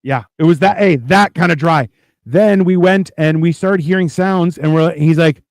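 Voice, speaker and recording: A man's voice: a little high, moderate pace, no room sound. A man co-hosting a live stream, telling stories in a casual, profane, laughing way. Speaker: co-host. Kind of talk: casual storytelling chat.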